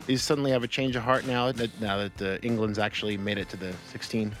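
A man's voice: fairly low pitch, fairly even intonation, fast, fairly bright tone, soft background music. Easygoing, chuckling male radio co-host. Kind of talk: casual radio banter.

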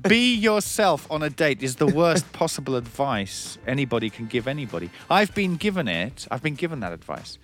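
A man's voice: mid-range voice, very animated, normal speed, hardly any pauses, a bit bright, soft background music. A man hosting a casual radio show, joking and teasing his co-hosts in mock outrage. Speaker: radio host.

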